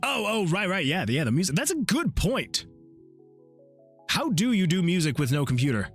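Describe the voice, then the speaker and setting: A man's voice: sits high, very animated, normal speed, slightly rough, soft background music. A man, an indie game developer, chatting casually on a livestream into a desk microphone, reading chat messages aloud and chuckling often. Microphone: desktop USB microphone.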